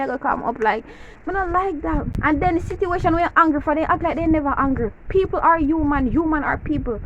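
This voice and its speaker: A young woman with a Jamaican accent, ranting animatedly in heavy patois about her pet peeves in a casual vlog. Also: high voice. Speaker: vlogger. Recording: slightly dull lo-fi audio with faint hiss.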